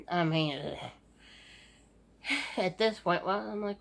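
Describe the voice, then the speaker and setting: A woman's voice: on the low side, a little slow, pauses often. A middle-aged woman giving a casual, rambling personal video update, weary and sighing often, with many restarts. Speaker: vlogger. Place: home at night.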